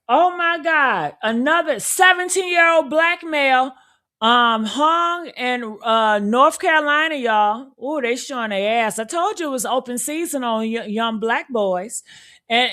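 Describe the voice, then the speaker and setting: A woman hosting a casual commentary video, talking straight to her viewers in an outspoken, animated rant. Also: high voice. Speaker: commentary host.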